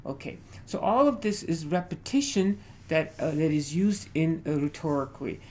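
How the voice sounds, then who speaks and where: A man teaching a literature class, speaking haltingly and checking in with the students after nearly every point. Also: on the high side, animated. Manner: hesitant, many fillers. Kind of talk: classroom lecture.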